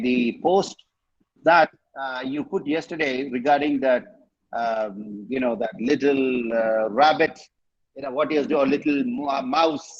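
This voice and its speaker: Over a video call that cuts off the highs, a man with a Tamil accent and mid-range voice teaches English vocabulary in an online class. He quizzes students and spells words out.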